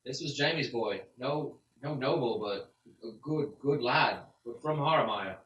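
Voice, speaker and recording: A man's voice: mid-range voice, unhurried, a bit bright, muffled recording, natural voice. A man voicing a shaken, kindly male townsman who talks bluntly and stammers. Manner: blunt and plain-spoken, stammering. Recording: roomy sound, far from the mic, faint ambience.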